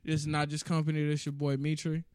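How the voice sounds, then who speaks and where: Loud joking man hosting a podcast. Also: on the high side, completely flat delivery, fast, clean tone, no room sound. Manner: loud joking banter, introduces everyone. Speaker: podcast host. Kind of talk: casual group chat.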